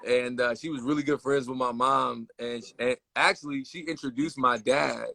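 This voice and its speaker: A man from the west side of Chicago, telling animated, slangy stories in a casual livestream chat. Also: medium pitch, normal speed, vocal fry. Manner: animated storyteller, slangy, addresses listener as bro.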